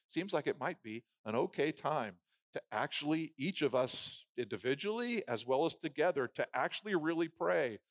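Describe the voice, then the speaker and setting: Man preaching with lively swinging pitch. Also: dry recording, clean studio sound. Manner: swings from loud emphasis to hushed prayerful murmur; rhythmic lists with pauses between phrases. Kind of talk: sermon.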